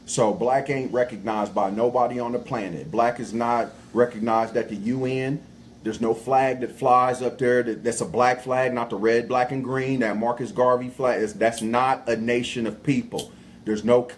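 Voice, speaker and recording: A man's voice: medium pitch, fairly even intonation, moderate pace, a little hiss or hum, poor audio. Preachy, emphatic man lecturing in slang. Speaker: guest speaker. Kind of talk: livestream talk show discussion.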